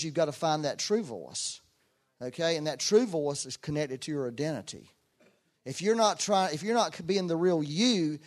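A man preaching a sermon in a folksy, emphatic way, with loud bursts and joking asides. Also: a little high. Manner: folksy, self-deprecating asides.

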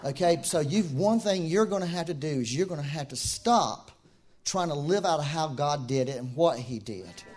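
A man preaching a sermon in a conversational, animated way, with asides and laughs. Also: on the high side, normal speed.

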